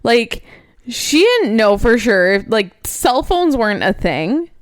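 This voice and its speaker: A woman's voice: fairly high pitch, sing-song, takes it slowly, dry recording, clean studio sound. A woman co-hosting a podcast in casual chat, a chatty storyteller who laughs often and fills with "like". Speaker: podcast co-host. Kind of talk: casual chat recapping a TV show.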